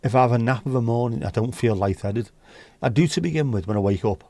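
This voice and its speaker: A man's voice: medium pitch, fast talker, dark tone, no room sound. Blunt chatty British man. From United Kingdom. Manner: chatty and blunt, swears freely. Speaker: livestream host. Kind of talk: casual chat.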